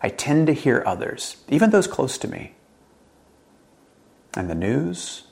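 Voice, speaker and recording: A man preaching a sermon in an earnest way, rising to emphatic questions and dropping low and quiet. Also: big pitch swings, a little slow, creaky. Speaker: pastor.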